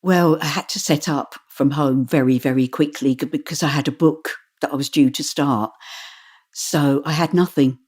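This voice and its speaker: Woman narrator, low voice, lively anecdotal delivery, loose interview. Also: moderate pace, slightly rough. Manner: animated, stumbles and restarts while telling stories. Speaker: audiobook narrator. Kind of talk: interview answers.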